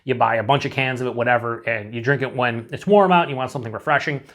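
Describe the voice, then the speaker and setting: A man's voice: mid-range voice, fast, fairly bright tone. Chatty man rambling through a beer review. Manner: rambling, enthusiastic, frequent "like" and restarts, swears casually. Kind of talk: casual solo review.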